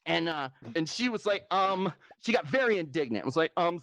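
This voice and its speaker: A man's voice: on the high side, animated, a little fast, hardly any pauses, a bit bright. A man doing a stand-up comedy set, rambling and crude, laughing at his own jokes and switching voices for the people he quotes. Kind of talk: stand-up comedy set in a virtual reality club.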